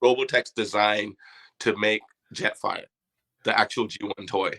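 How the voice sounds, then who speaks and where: A man's voice: lowish voice, fairly even intonation, unhurried, vocal fry, pushed and bright. A man from Canada, a guest chatting on a podcast about his toy collection in a loose, enthusiastic way. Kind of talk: casual podcast chat.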